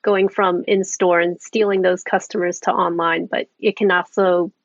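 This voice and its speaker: A woman's voice: fairly low pitch, flat delivery, moderate pace, no room sound. A young woman in her twenties interviewing a guest, asking curious questions and affirming answers. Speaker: interviewer, student host. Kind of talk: conversational interview. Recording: dull, dry, lo-fi sound.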